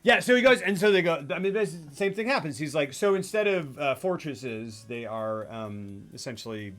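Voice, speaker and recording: Casting male host, bright, lively, rambling storyteller who laughs a lot. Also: a little high, brisk, faint music behind. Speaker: podcast host. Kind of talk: casual film chat.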